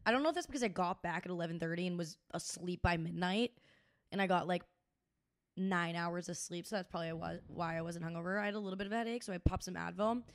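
A woman's voice: on the low side, quick pace. A young woman chats on a podcast in a loose, casual way. She tells her stories with plenty of swearing and acts out what people said. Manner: chatty storyteller, swears freely, acts out quotes. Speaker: podcast co-host. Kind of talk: casual chat.

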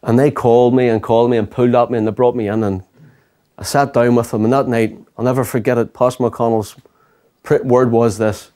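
A man's voice: mid-range voice, level tone, a little fast, dark tone. A pastor telling his life story as an earnest personal testimony. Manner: earnest storytelling, quoting himself and others.

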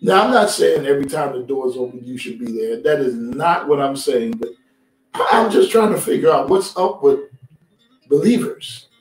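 Here a pastor with a medium-pitched, expressive voice preaches at a normal speed during a streamed service. He keeps it conversational and asks his congregation for responses. The church sanctuary sounds roomy, the mic is distant, and faint music sits underneath.

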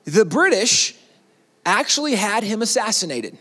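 A man telling a history story to an audience, animated and conversational, checking in with "right?". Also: high voice, unhurried, long reverb tail. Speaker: speaker.

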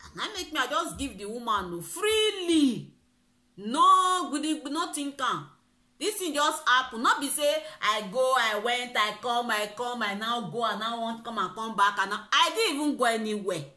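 Young Nigerian woman, vlogger, lively pidgin-laced storyteller; higher, sharp voice, echoey sound. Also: moderate pace. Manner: animated storytelling, mixing pidgin and laughter. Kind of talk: story time vlog. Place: in a car.

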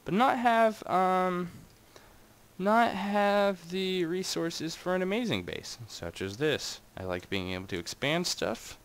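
A young man narrating his gameplay in a loose, rambling way. His pitch swings widely, from low mutters up to sudden high yelps, and he keeps talking straight to his viewers. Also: lively intonation, takes it slowly, a bit bright, smooth. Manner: rambling and chatty, talks to his audience, jumps between wild highs and mutters. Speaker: Minecraft gaming channel host. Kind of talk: casual gameplay commentary.

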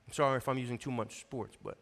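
A man's voice: medium pitch, fast talker, creaky, a bit bright. A man in his forties from the New York area, an associate pastor preaching a sermon in a conversational, storytelling way and calling out to his congregation. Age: 40s. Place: church sanctuary. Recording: long reverb of a church hall.

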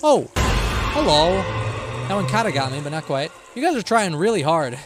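A man's voice: fairly high pitch, sing-song, normal speed. A man streaming live gameplay, talking playfully to the game's characters and rambling aloud to himself as he goes. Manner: playful, jokey, talking back to game characters; rambling self-talk with frequent restarts.

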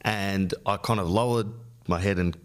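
A man's voice: low voice, normal speed. An Australian man hosting a podcast, telling rambling comic stories and swearing freely. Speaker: podcast host. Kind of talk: comedic storytelling.

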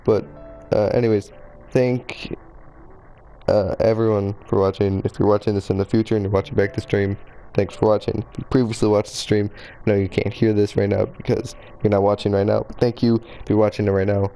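Male game streamer, low mellow voice, loose rambling chatter, pokes fun at himself. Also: level tone, brisk, rough recording. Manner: rambling, chatty, self-deprecating. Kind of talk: casual live game streaming.

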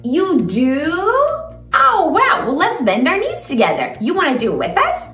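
A woman's voice: high voice, wildly swooping pitch, normal speed, fairly bright tone. A young woman hosting a children's learning video in a sing-song, exaggerated, playful way. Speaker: children's educator host. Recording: echoey room with faint music.

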